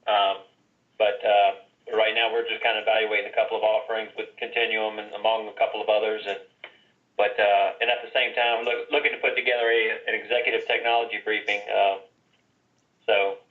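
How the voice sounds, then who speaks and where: A man calling in to a business call, answering in a halting way full of fillers. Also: lowish voice, little pitch movement. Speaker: caller, business owner. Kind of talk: casual business talk. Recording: tinny phone line.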